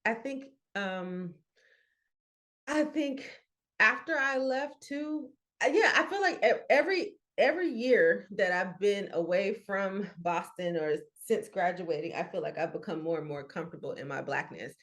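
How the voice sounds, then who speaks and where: A woman's voice: mid-range voice, unhurried. A woman from Atlanta with a Southern US accent, co-hosting a casual podcast and telling a story with frequent laughter. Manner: animated storyteller, laughs often. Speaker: podcast co-host.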